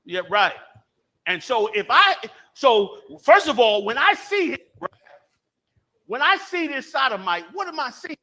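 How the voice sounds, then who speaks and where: A man's voice: very high-pitched, big pitch swings, unhurried, pushed and bright. A man teaching a religious class, emphatic and repeating key phrases, questioning the audience and calling on them to answer.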